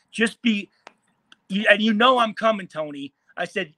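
A man's voice: high voice, moderate pace, sharp tone, dry recording. A man in his forties from Michigan, a former football player, telling a profane, heated story and acting out what was said. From Michigan, USA. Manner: profane, heated, acts out quoted lines. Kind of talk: animated storytelling.

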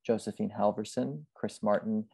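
A man hosting an online arts talk, closing the session with halting thanks and announcements over a video call. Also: lowish voice, creaky, dark tone, slightly rough, no echo. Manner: halting, with fillers. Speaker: host. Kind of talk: closing remarks.

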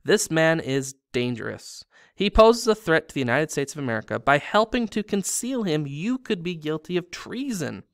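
A man reading the part of a sneering, condescending male government agent in a smooth, dry voice. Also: a little high, very animated, moderate pace, no room sound, pitched above the performer's own voice. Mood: contemptuous. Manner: condescending, nasty.

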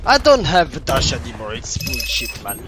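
A man talking in competitive game voice chat, excitable and swearing, shouting at plays. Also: mid-range voice, moderate pace. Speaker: gamer. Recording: loud noise with clicks.

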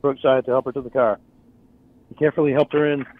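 A man reading a story aloud in a flat, rapid way. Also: mid-range voice. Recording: tinny phone-like line.

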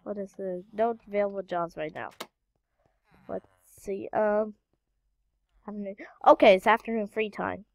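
A woman's voice: medium pitch, steady tone, normal speed, gravelly, pauses often, darkish tone, dry recording. A woman hosting a gaming channel, giving casual gameplay commentary and muttering to herself while she searches, with frequent exclamations.

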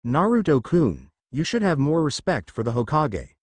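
A man voicing a shy, gentle teenage girl ninja in a read-aloud fan story, speaking softly and earnestly. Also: a little high, very animated, moderate pace, no room sound.

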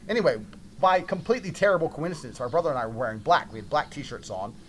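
A man's voice: a little high, animated, fast, slight background noise. A man from Britain telling a brash, profane story with heavy emphasis.

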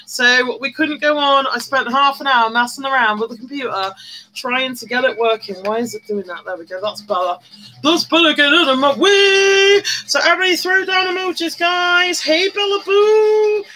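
Bubbly high-voiced woman livestreaming. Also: fairly even intonation, normal speed, pushed and bright, low-quality recording. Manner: bubbly, greets viewers by name, squeals and hums. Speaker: livestream host. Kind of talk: chatty live-stream commentary while doing makeup. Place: indoors at home, live streaming. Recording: faint music behind.

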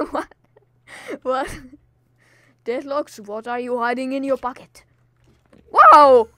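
Woman gamer, high voice, theatrical put-on delivery, scolds enemies, non-native english phrasing. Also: fairly even intonation, slow pace, no echo. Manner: dramatic put-on recording voice. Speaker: gaming video host. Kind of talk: Minecraft let's play commentary.

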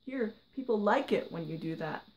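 A woman reading the lines of a kind, worried man who looks after a gifted girl, softly and gently. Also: mid-range voice, expressive, normal speed, highs cut off, lightly acted. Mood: gentle. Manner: soft, gentle, hushed delivery.

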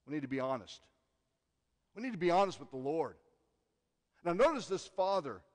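A man preaching a sermon as pastor, earnest, moving from loud emphasis to hushed asides. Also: on the high side, sing-song, moderate pace. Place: church sanctuary. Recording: long church hall reverb.

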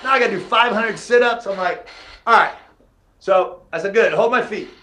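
Telling old fight stories on a podcast, a middle-aged man with a drawl speaks at a moderate pace in a slightly high voice. It's a casual storytelling interview where he acts out each quote with gusto and curses casually.

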